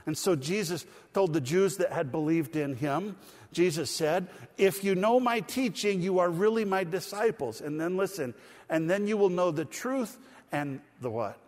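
A middle-aged male pastor preaching a conversational, animated sermon with light humor and asides. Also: high voice, normal speed, in a large hall. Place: church.

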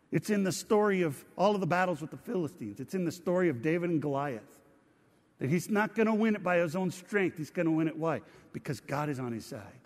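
A man's voice: a little high, lively intonation, fairly quick, darkish tone. Engaging male pastor preaching in a hall. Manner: engaging, asks the congregation questions. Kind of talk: sermon.

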